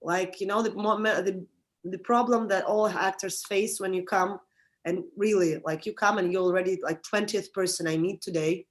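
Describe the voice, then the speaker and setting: Interviewed casually about her work as an actress and director, a young Russian-accented woman speaks English at medium pitch. Her explanations come in halting bursts with frequent restarts, though her advice is animated.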